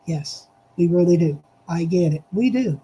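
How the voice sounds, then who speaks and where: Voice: medium pitch, animated, unhurried, dark tone, breathy edge, rough recording. A speaker giving an impassioned, repetitive monologue, addressing listeners directly and hammering each point with emphasis. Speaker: political commentator.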